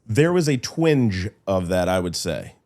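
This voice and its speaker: Lowish-voiced man hedging as he thinks. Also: very animated, unhurried, darkish tone. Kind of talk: casual political conversation.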